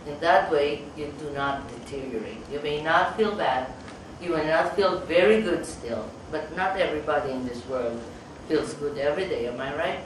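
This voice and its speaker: A man's voice: a little high, normal speed. A middle-aged man, a psychiatrist, telling stories about his patients to a meeting audience and acting out their lines. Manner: storytelling, acts out patient dialogue. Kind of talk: anecdotal talk to an audience. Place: meeting hall. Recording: echoey hall, speaker far from mic, noisy.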